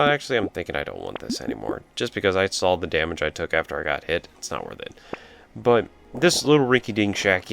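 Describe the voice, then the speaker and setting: Over his gameplay, a man spins a meandering, casual story, pausing now and then to respond to what happens on screen. He's a let's play commentator with a low, gravelly voice, and there's background noise.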